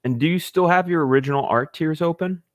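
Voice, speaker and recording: A man hosting a casual livestream, talking with eager enthusiasm and halting restarts, sometimes with his mouth full. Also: fairly high pitch, no echo, studio quality. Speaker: livestream host.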